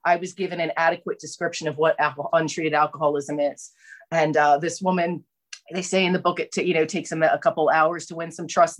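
Woman, low-ish voice, candid personal testimony, halting delivery, frequent fillers and restarts. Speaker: recovery speaker sharing her story.

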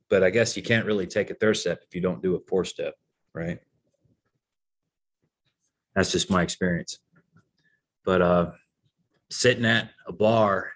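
Deep husky man, halting and reflective. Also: fairly bright tone. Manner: halting, reflective, stammers and repeats. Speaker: person in recovery sharing his story. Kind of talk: candid storytelling.

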